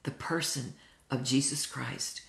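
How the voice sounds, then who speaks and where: A woman's voice: extremely low pitch, steady tone, slow pace, creaky, fairly bright tone. A woman in her sixties teaching a Bible study, earnest and heartfelt as she tells personal stories. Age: 60s. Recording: roomy echo.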